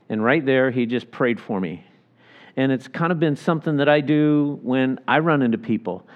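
Male pastor doing a chatty bible teaching, middle pitch voice, kinda muffled lo-fi recording. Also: normal speed. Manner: conversational, folksy Bible teaching with restarts and quoted voices. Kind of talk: sermon.

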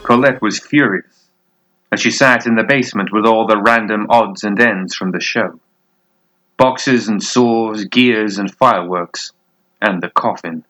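Bright, low-voiced male fiction narrator. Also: unhurried, faint music behind.

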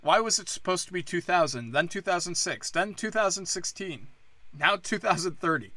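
A man's voice: high voice, animated, normal speed, sharp tone, no echo. A man hosting a casual news rant, sarcastic and profane, rambling from story to story.

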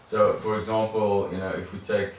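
A man's voice: on the low side, little pitch movement, moderate pace, a little mellow, a little hiss or hum. A man sharing in a church study group, hesitant, often restarting and repeating words. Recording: very echoey room from far off.

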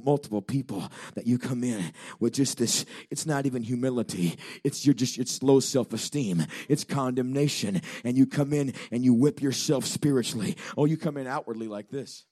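An evangelist preaching a sermon in church, telling a story that builds to shouting. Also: male voice, mid-range voice, normal speed, hardly any pauses, no echo, studio quality.

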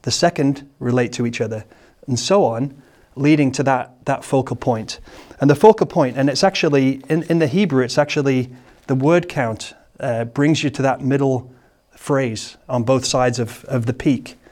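Halting man teaching a sermon. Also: medium pitch, a little mellow. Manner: halting, repeats words while thinking; slow, measured scripture reading. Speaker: preacher.

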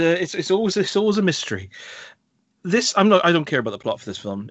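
A man's voice: medium pitch, a bit bright, no echo. Sex: man. Role: podcast co-host. Style: rambling casual film chat with lots of fillers. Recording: dry, dull lo-fi sound. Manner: chatty, rambling with frequent fillers and self-corrections.

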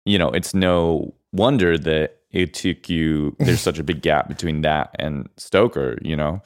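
A man co-hosting a podcast in casual chat, reflective and affirming, asking gentle questions. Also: very deep voice, a little slow. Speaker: podcast co-host.

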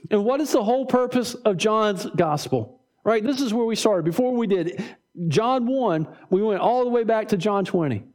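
A man preaching a sermon, animated, acting out voices in dialogue and often repeating words as he builds a point. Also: high voice, normal speed. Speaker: pastor.

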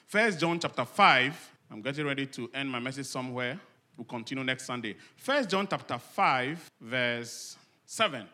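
A man preaching a Sunday sermon to a live congregation. He asks the congregation questions and answers them himself, and he swings between loud, emphatic lines and soft, low asides. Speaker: pastor. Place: church service with a live congregation.

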